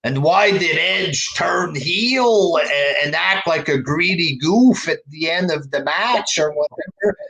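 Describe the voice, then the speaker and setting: A man's voice: on the high side, lively intonation, slow, creaky, few pauses, sharp tone, low-quality recording. A man hosting a casual wrestling talk show, exasperated and profane, firing off rhetorical questions. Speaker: host of a wrestling review show. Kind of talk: casual podcast commentary.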